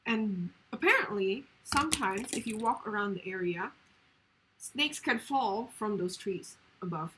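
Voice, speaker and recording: A woman's voice: mid-range voice, lively intonation, measured pace, noisy background. A woman streamer telling a story in casual chat, rambling along with lots of fillers.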